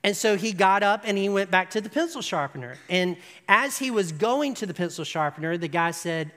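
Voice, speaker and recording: Animated preacher telling a story. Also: mid-range voice, fairly quick, few pauses, long reverb tail. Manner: animated storyteller, rising to emphatic peaks; asks the audience "right?". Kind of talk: sermon storytelling.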